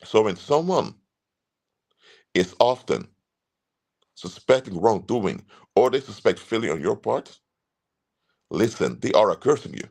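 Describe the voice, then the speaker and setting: A man's voice: on the low side, creaky, a little mellow. A man speaking as a consultant, giving earnest, emphatic advice and repeating his key points. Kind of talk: advice talk to camera.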